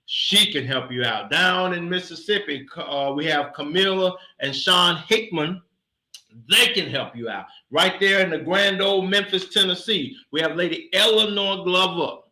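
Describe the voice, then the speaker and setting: A man who heads an insurance agency gives a casual, folksy sales pitch, turning preachy as he calls his listeners to action. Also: measured pace, reverberant, low-quality recording. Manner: folksy, preachy, lively asides.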